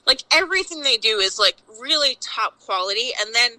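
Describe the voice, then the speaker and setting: Chatty bright-voiced woman chef on a call. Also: a little high, brisk, no echo, poor audio. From Long Island, New York. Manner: chatty, animated, lots of "like", swears casually. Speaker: chef, podcast guest. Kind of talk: casual interview chat. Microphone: phone call.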